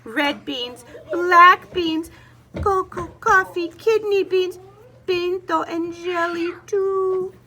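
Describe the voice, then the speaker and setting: A woman voicing an excitable, worried little male chihuahua in a children's storybook, with a dramatic, drawn-out delivery. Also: very high-pitched, pitched above the performer's own voice, full character voice.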